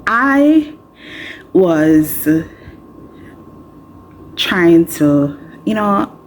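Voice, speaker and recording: A woman with a Jamaican accent, a law student vlogger telling candid stories to the camera in a chatty, expressive, frank and self-mocking way. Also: lowish voice, drawn-out words, a little hiss or hum.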